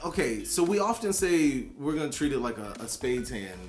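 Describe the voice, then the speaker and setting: A man's voice: mid-range voice, moderate pace, roomy sound, soft background music. A man co-hosting a casual chat, playfully asking questions and joking along. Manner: playful, animated, asks questions. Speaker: co-host.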